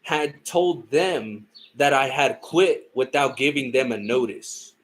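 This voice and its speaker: A young man from California tells a story in a loose, heated way, swearing freely and circling back on himself. His voice sits at an ordinary middle pitch. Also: slow pace. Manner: profane, heated, rambling. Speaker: tarot live streamer. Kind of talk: casual storytelling.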